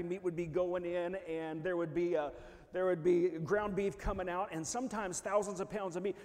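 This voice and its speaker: High-voiced preacher in a reverberant hall. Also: male voice. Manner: swings from hushed to shouting, restarts often. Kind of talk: sermon testimony. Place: church hall. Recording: long reverb of a church hall.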